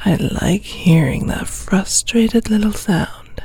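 A woman in a whispered role-play, talking in a slow, commanding, coaxing whisper. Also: mid-range voice, a little mellow, slightly rough. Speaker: ASMR performer.

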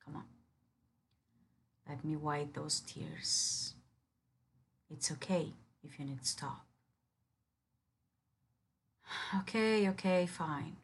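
A woman's voice: low voice, very slow, pauses often, a little hiss or hum. A woman in an audio role-play who speaks straight to the listener as a firm, commanding yet caring partner.

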